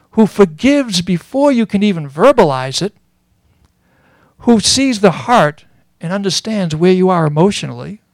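A man giving a sermon as a Bible teacher, earnest and explanatory, pausing often with fillers. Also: sits high, no room sound.

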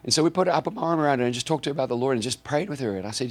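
A South African man, a preacher, telling a story in a sermon, animated and anecdotal, often repeating words as he goes. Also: mid-range voice, very fast, slightly rough.

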